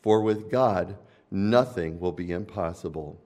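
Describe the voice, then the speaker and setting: A man's voice: low voice, unhurried, darkish tone. A man preaching a sermon, explaining scripture in an earnest teaching tone.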